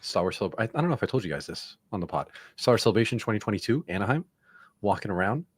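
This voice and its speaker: A man's voice: on the low side, expressive, very fast, a little hiss or hum. A young man on a podcast telling a story with animation and acting out the lines he quotes. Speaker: podcast co-host. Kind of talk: casual storytelling.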